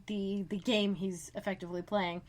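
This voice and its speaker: A woman's voice: medium pitch, normal speed. Casual woman podcast co-host. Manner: relaxed storytelling, narrates plot beats. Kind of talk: casual recap chat.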